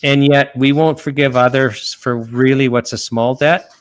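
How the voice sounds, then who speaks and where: A man from Canada speaks as a guest on a talk show, earnestly retelling a story in loose conversational speech. His voice sits in a middle pitch, and he stumbles over restarts and fillers as he goes. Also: fairly even intonation, a little slow, clean tone. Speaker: lawyer guest.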